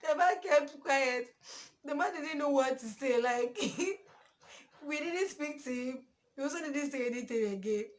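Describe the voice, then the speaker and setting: A woman's voice: sits high, a little slow. A woman casually telling a funny story and laughing often as she goes.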